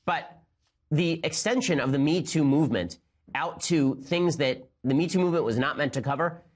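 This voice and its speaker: A man in his thirties hosting a political commentary show, talking fast with sarcasm and disbelief. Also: fairly high pitch. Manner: rapid, incredulous, sarcastic. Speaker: host.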